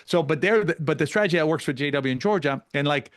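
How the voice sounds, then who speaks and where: Brief: male coach guest, rapid animated storyteller, dry close mic. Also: on the high side, no echo. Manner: fast, animated storytelling with many restarts. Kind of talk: casual podcast conversation.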